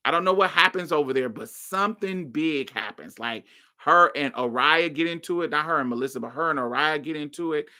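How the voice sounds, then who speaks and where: A woman's voice: low-pitched, fairly quick, bright, forceful tone. A woman hosting her podcast, telling a personal story in a casual, blunt and profane way that flares into heated outbursts. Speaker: podcast host.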